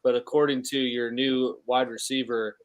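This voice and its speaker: A man co-hosting a casual football podcast, easygoing, with halting starts as he makes his points and asks questions. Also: mid-range voice, little pitch movement. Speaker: podcast co-host. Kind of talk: casual sports podcast chat.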